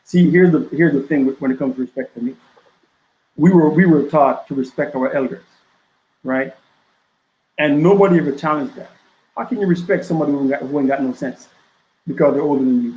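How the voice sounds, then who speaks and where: Man guest on a podcast, kinda high voice, keeps hammering points with "right?", echoey room sound. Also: a little fast, long pauses, highs cut off. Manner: emphatic, rhetorical questions, tags with "right?". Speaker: author and interview guest. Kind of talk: casual podcast interview.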